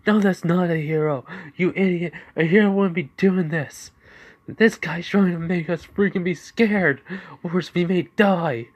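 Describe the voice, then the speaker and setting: A man voicing a panicking young male villain thug who shouts in a raised, frantic voice. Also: sits high, a little slow, voice pushed up. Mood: panicked.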